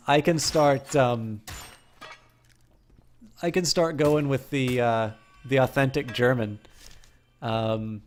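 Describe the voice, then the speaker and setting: A man streaming a game, chatting casually with viewers in a rambling way full of fillers. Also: medium pitch.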